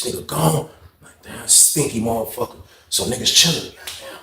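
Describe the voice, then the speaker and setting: A man's voice: mid-range voice, a little fast, gravelly, roomy sound, a little hiss or hum. A man telling a story in a casual, profane way, acting out his own lines with big jumps in voice. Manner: animated, profane, acts out his own quotes.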